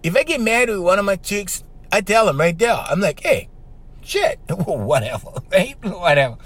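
A middle-aged man, hosting a podcast in a casual monologue. He tells stories in an animated way, keeps checking in with "right?", and has the strong voice of a trained singer. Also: high voice, a little fast. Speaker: podcast host.

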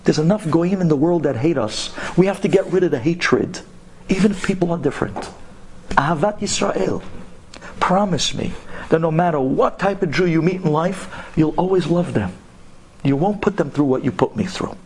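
A man voicing a calm, stubborn young male Torah scholar who speaks firmly and in a measured, lecturing way. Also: a little high, slight background noise, pitched above the performer's own voice, rough recording. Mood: firm earnest.

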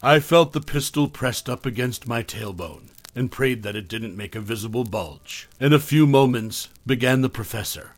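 A man reading a first-person horror story in steady, plain scripted narration on a close mic. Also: medium pitch, normal speed, hardly any pauses, dry recording.

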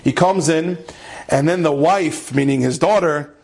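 A man's voice: a little slow, creaky, breathy edge. A man, a rabbi, tells an inspirational story with mounting passion and sprinkles in Hebrew and Yiddish terms. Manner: impassioned, climbs higher and louder at emotional peaks. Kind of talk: animated storytelling lecture.

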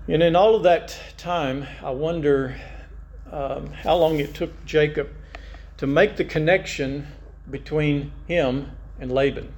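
A man's voice: fairly high pitch, fairly even intonation, unhurried, darkish tone. A male pastor preaching a conversational sermon, reading scripture aloud and musing over it.

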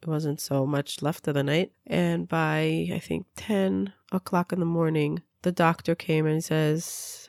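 A middle-aged woman from Israel tells a personal story in an earnest, heartfelt way, doubling her words for weight. Her voice sits low with a gravelly edge, and the sound is close and dry. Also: fairly even intonation, a little slow, hardly any pauses, darkish tone, no room sound. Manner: earnest, repeats words for emphasis. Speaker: speaker sharing a personal story.

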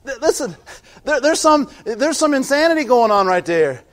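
A man pastor preaching a sermon, swinging from quiet asides to shouted peaks, often restarting his sentences. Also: very high voice, very animated, moderate pace.

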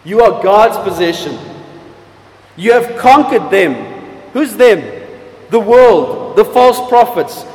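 Man, pastor, sermon, high voice, unhurried delivery, echoey hall. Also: lively intonation. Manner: emphatic preaching with wide swings in loudness and pace, drawn-out key words. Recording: echoey hall with long reverb.

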